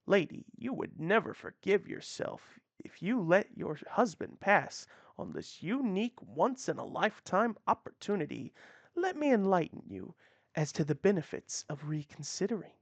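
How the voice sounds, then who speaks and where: A slick frontier salesman leans in with a smooth, wheedling pitch, as a woman puts him on. His voice swoops with lively ups and downs, and the recording is dry and close. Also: moderate pace, dry recording, heavily acted. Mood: persuasive. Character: slick pushy male land salesman.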